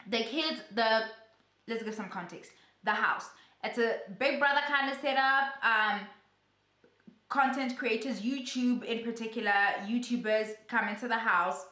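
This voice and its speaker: A young woman, chatting through a casual gossip vlog in a sassy, animated way. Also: medium pitch, roomy sound. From South Africa. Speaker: YouTuber.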